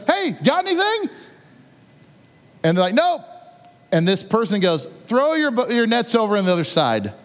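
A man with a high voice preaching in a conversational, animated way, slipping in playful asides as he retells the story. His voice rings with a long hall reverb. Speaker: pastor. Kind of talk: sermon.

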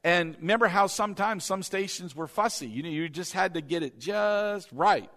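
A man's voice: sits high, moderate pace, a bit bright. A male pastor preaching a sermon, telling stories and calling on the congregation to answer him. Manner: call-and-response with congregation, conversational storytelling. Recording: long reverb of a church hall.

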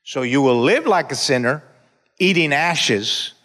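A pastor preaching a sermon, leading the congregation in call-and-response and breaking into shouts. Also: male voice, mid-range voice, animated, a little slow. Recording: reverberant church hall.

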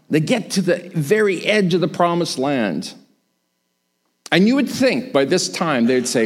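A man's voice: moderate pace, creaky. A man preaching a sermon, retelling a story and acting out the voices of the people in it. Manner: animated, acts out quoted voices with big pitch swings.

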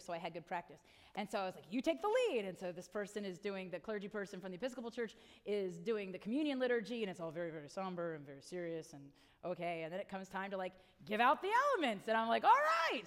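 A middle-aged woman pastor preaching a sermon, telling stories with animated, acted-out lines. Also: mid-range voice. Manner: animated storytelling, acts out people's lines.

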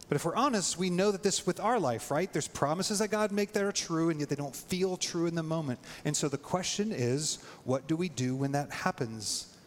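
Animated man preaching in a reverberant hall. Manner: animated, voice jumps high when acting out prayers. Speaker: pastor. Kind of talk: sermon.

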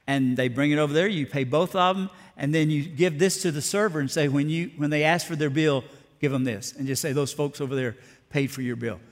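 A pastor gives a folksy, storytelling sermon. His man's voice sits a touch high for a man. It rings out with a long echo as though he is in a large sanctuary. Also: a little fast. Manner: folksy, storytelling, down-to-earth preaching. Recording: long hall reverb.

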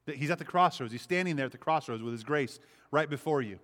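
A man's voice: mid-range voice, animated, moderate pace, a bit bright. A man preaching a sermon, impassioned, repeating phrases and acting out the speech he quotes. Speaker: pastor.

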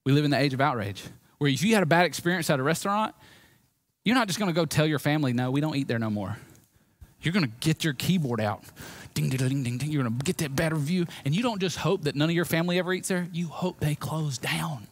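A male pastor with a Southern US accent delivers a sermon, his voice sitting fairly high. He moves between loud, emphatic lines and quiet, low stretches. The sound is dry and close. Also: fast talker, dry recording. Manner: animated preaching with swings from loud emphasis to quiet.

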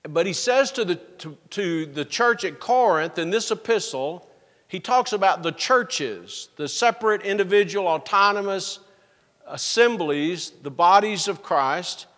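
High-voiced preacher in a reverberant church. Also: male voice, expressive, a bit bright. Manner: drawn-out emphatic scripture reading. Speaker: pastor. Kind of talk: sermon. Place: church sanctuary. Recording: long reverb of a church sanctuary.

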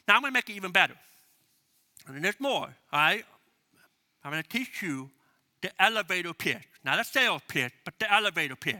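A man's voice: high-pitched, bright, forceful tone. A man preaching a sermon as pastor, emphatic and repetitive, leading the congregation to repeat phrases after him. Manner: emphatic, repeats key phrases, leads congregation call-and-response.

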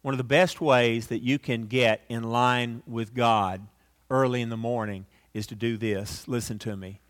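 A middle-aged male pastor delivering a sermon with emphatic rises and soft, hushed drops. His voice sits at an everyday male pitch. He closes by leading a prayer. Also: fairly even intonation, unhurried. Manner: emphatic preaching that swings from loud peaks to hushed, near-whispered prayer.

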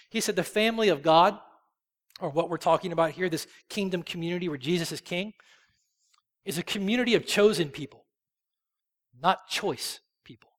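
High-voiced man preaching in a reverberant hall. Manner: emphatic, swells loud on key phrases then drops soft. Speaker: pastor. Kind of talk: sermon. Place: church sanctuary.

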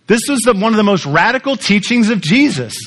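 A man's voice: high voice, very animated, a little fast, a bit bright. A male pastor preaching a sermon in a conversational storytelling way, putting questions to the congregation.

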